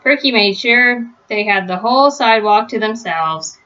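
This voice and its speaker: Bright-voiced woman reading a children's story. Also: on the high side, animated, normal speed, muffled recording. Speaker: storybook reader. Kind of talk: children's read-aloud narration.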